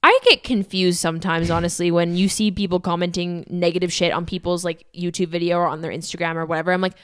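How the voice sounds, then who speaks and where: Fast-talking woman co-host. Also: on the low side, little pitch movement, clean tone, dry recording, clean studio sound. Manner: chatty, laughs often, frequent "like". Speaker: podcast co-host. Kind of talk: casual chat.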